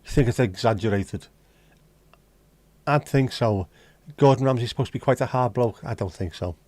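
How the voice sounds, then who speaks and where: Scouse bloke on a livestream, mellow voice, blunt and sweary, dry close sound. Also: male voice, medium pitch, moderate pace, dry recording. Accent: Liverpool (Scouse). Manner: blunt, sweary banter with chat. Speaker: livestream host. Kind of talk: casual live-stream chat.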